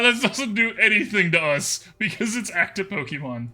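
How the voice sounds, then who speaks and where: A man commentates his own card game on a live stream, talking casually and reading out chat. His voice sits a little high and very bright, and it bounces around with a lot of pitch movement. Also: expressive, moderate pace, faint music behind. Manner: chatty, answers chat, laughs often.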